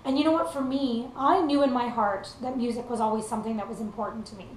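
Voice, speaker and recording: A woman's voice: fairly high pitch, steady tone, quick pace. A young woman from Canada, a country singer, giving an earnest, casual motivational talk with lots of fillers. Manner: earnest, conversational, many fillers. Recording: echoey room with faint noise.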